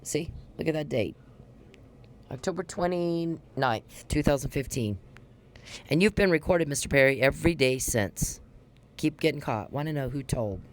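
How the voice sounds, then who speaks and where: A woman's voice: deep voice, animated, moderate pace, slight background noise. Blunt, heated woman podcaster who swears freely. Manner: blunt, profane, heated and repetitive. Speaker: podcast host. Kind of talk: casual monologue.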